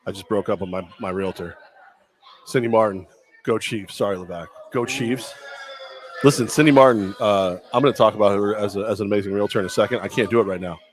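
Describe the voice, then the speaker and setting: A man's voice: fairly low pitch, fairly even intonation, quick pace. A man co-hosting a casual sports talk show, bantering with mock-dramatic jokes. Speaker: co-host.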